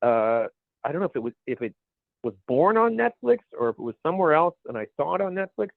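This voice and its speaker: A man co-hosts a podcast in loose, rambling chat, often stopping to hunt for the right word. His voice sits fairly high. The sound is dry and narrow, like a phone line. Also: big pitch swings, fast talker, gravelly, no echo. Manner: rambling, searching for words. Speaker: podcast co-host. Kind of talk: casual chat.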